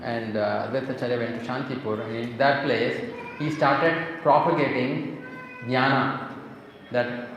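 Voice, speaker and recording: A man giving a devotional storytelling lecture in a temple hall, measured and conversational. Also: mid-range voice, slight background noise. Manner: measured, conversational, animated when retelling. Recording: very echoey hall with faint ambience.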